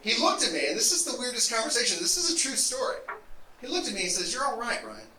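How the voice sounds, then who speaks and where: A man doing a stand-up comedy set on stage, delivering deadpan setups with wry asides. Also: extremely high pitch, fast talker. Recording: roomy, distant live club recording with noise.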